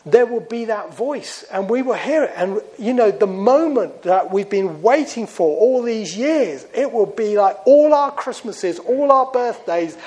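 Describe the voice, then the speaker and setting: A man preaching a sermon in a chapel, swinging from fervent raised emphasis to hushed, low tones. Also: lively intonation, unhurried, few pauses, low-quality recording.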